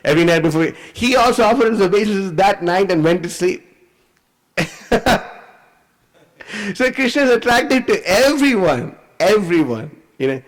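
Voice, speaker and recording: Animated man retelling scripture. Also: high-pitched, low-quality recording. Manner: animated, conversational, many fillers. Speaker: preacher. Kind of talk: scripture class storytelling.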